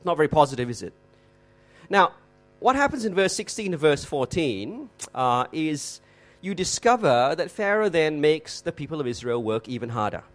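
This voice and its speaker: Male preacher, fairly high voice, lively swooping delivery, emphatic and repetitive for effect. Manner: emphatic, slows and repeats for effect, rhetorical questions. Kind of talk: expository sermon.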